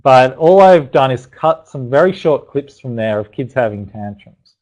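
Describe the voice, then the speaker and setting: A man's voice: medium pitch, expressive, normal speed, darkish tone, muffled recording. A man presenting a live parenting webinar, chatty and encouraging, talking loosely with restarts and asides to his audience. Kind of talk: live online teaching webinar.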